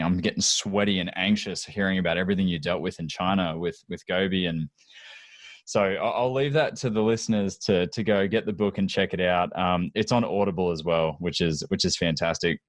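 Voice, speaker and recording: Man, middle-aged, podcast host, enthusiastic, laughs often, fairly low voice, dry close sound. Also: no room sound. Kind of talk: casual interview chat.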